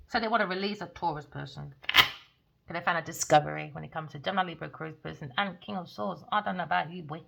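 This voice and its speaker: A woman giving a tarot reading, scornful and theatrical, mockingly calling people darling and shifting between loud outbursts and low mutters. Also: fast, gravelly, dull audio. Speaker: tarot reader. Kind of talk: rambling tarot reading monologue.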